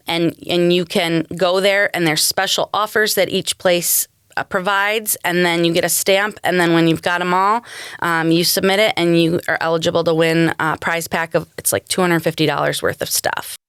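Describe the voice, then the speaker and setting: Podcast guest: New York woman, informative, smooth voice, dry close mic. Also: fairly low pitch, a bit bright, dry recording. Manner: informative, explains programs clearly. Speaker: guest from a culinary center. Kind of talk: casual chat.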